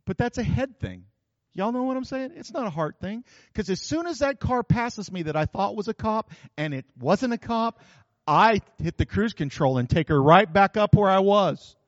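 A man's voice: sits high, expressive, normal speed, no echo, dull audio. A man preaching a sermon in a folksy, joking way. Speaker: pastor.

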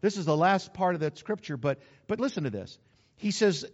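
A middle-aged preacher with a notably high voice delivers a chatty sermon, turning to his listeners and circling back to the same lines. His voice rings out in a large hall with a long tail of reverb. The recording is dull and muffled. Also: lively intonation, a little fast. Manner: conversational, addresses the congregation directly, repeats phrases.

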